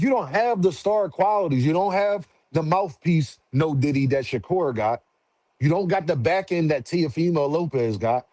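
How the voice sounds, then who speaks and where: A man holding forth on a livestream, loose and slangy, calling out to viewers as he rants. His voice sits a bit high for a man and comes across dry and close, with almost no room sound. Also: dry recording. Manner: slangy, animated, talks back to chat. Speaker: boxing commentary streamer. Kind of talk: casual livestream commentary.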